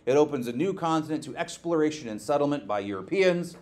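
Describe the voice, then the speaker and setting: A male teacher giving a classroom lecture, lively, quizzing his students and checking in with "okay" often. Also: a little high, quick pace.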